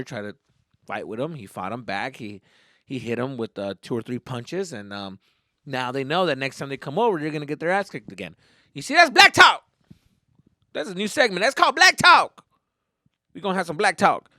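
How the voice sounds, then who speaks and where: A man's voice: mid-range voice, fairly bright tone, dry recording, clean studio sound. A man hosting his own podcast in a rambling, profane solo monologue, slipping into Spanish phrases now and then. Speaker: podcast host.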